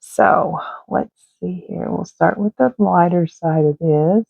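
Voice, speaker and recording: A woman's voice: on the low side, slow pace, vocal fry, slightly rough, no room sound. A woman, chatting and rambling casually while she colors, sometimes drifting into murmurs. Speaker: art channel host. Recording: tinny phone-like dry sound.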